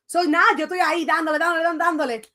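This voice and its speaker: High-voiced woman telling a story. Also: racing. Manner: switches between English and Spanish mid-sentence; animated storyteller who acts out quoted lines. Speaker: podcast co-host. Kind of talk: casual chat, telling a story.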